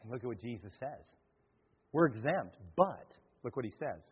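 A male pastor delivering an animated sermon, acting out the voices of the people in his stories. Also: medium pitch, normal speed, breathy edge. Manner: animated preaching, acts out quoted voices. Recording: dull sound, long hall reverb.

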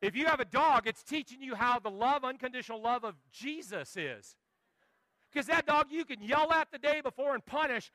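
High, bright-voiced preaching man. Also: normal speed, no room sound. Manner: animated storytelling preacher, jokes with the congregation. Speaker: pastor. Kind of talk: sermon.

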